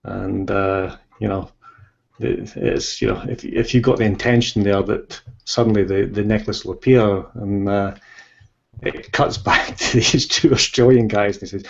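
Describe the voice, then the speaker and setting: Guy guest on an interview, low voice, meandering storytelling, dull lo-fi sound. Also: steady tone, measured pace, gravelly. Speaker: guest, author. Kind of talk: casual interview chat. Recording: lo-fi dull audio.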